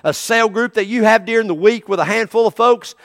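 A middle-aged man preaching a sermon as pastor, animated, acting out the people in his stories. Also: sits high, a little fast. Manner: animated preaching, acts out quoted voices.

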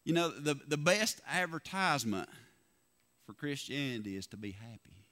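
A man's voice: mid-range voice, normal speed. Guy preaching in church, folksy, lots of didn't he, isn't it. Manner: folksy, lively preaching with rhetorical questions. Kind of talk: sermon.

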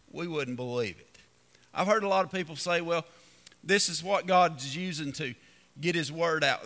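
A man preaching a sermon as pastor, reading scripture slowly and building emphasis. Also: on the high side, gravelly, sharp tone, long reverb tail. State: coughing, slightly hoarse.

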